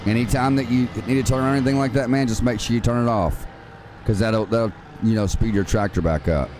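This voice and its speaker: In a noisy setting, a male streamer with a mid-range voice and a slightly fast pace explains the controls of a farming game during a live broadcast. His tone is casual and talkative, and he keeps calling his audience "dude" and "man."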